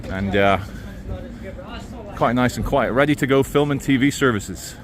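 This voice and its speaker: A man's voice: mid-range voice, measured pace. A man vlogging as he walks outdoors through a city, talking in a sardonic, ranting way. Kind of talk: walking vlog commentary.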